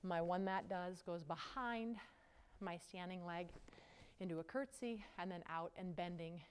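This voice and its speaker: A woman's voice: on the low side, unhurried, a little hiss or hum. A woman teaching a yoga class, giving casual, chatty movement cues while out of breath from the exercise. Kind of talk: guided yoga class instruction.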